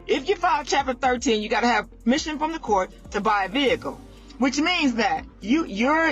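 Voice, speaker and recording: A woman with a fairly high voice hosts a casual podcast, preaching her points and hammering each one home by saying it again. The recording sounds dull and lo-fi, with faint music underneath. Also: a bit bright. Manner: emphatic, repetitive, preachy. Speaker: car sales podcast host.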